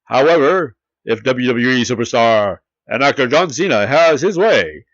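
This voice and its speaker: A booming 1940s newsreel announcer, as a man puts him on hams up every headline with grand, punchy flourishes and lively pitch swings. The voice sits close and dry, on a slightly dull, lo-fi recording. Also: moderate pace, no room sound. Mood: grandiose. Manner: booming, overdone announcer delivery.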